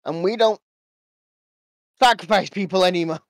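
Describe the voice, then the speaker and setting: A man co-hosting a casual gaming podcast, talking in an animated way and acting out what others say. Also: high-pitched, moderate pace, no echo, studio quality. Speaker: podcast co-host. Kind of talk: casual chat.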